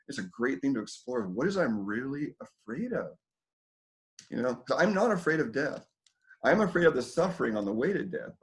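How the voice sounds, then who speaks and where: A man's voice: medium pitch, rough recording. A man hosting a community dinner talk, rambling loosely to a small group indoors with lots of fillers and casual swearing.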